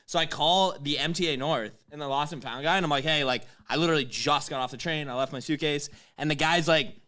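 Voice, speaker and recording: A man in his twenties telling a story in casual chat, animated, swearing and laughing as he goes. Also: fairly high pitch, fast. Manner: animated, swears often, laughs mid-sentence.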